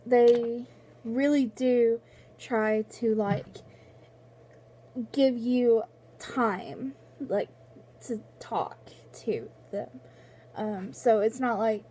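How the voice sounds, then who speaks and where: A young woman vlogs casually at home about books, her voice on the high side with a dark tone. She rambles with lots of fillers and restarts, tearful and on the verge of crying, with slight background noise.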